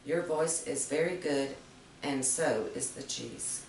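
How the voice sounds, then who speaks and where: A woman's voice: a bass voice, slow pace, gravelly, darkish tone, slight background noise, exaggerated voice. Woman doing a sly sweet-talking fox. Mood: flattering. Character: sly flattering male fox. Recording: roomy, distant mic.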